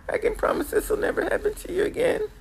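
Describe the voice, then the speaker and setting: A gushing adult woman fusses over a rescued dog in tearful baby talk, as a comedian acts her out. Her voice sits high and quavers as she coos. It comes in a comic social-media sketch. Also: fairly even intonation, fast talker, creaky, exaggerated voice, rough recording. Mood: tearful doting.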